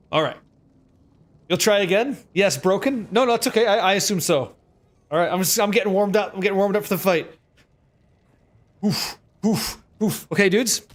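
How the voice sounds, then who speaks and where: High-voiced excitable man streaming a game. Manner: excitable, joking, swears freely. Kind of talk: live gameplay commentary with chat.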